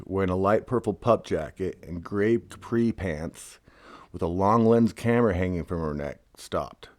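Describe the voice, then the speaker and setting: Man, very low voice, dry close sound, wry casual memoir reading. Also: a little mellow, no room sound. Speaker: narrator.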